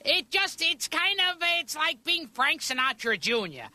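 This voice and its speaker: A woman rattling off a chatty, animated stand-up monologue in a cartoon therapy session. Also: high voice, unhurried, no echo. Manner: chatty, animated, bouncy quoted voices. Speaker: patient doing stand-up.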